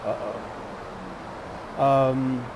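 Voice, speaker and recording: A man's voice: fairly even intonation, very slow. A middle-aged man vlogging on a subway train, talking candidly in a rambling monologue with joking asides. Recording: loud rumbling train noise. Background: subway train and announcements.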